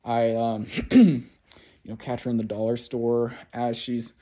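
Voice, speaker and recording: This man, a vlogger, unhurriedly recounts something from his own life in a loose, rambling way, peppering it with profanity and plenty of "like" and "you know." His mid-range voice is warm, though his delivery stays flat.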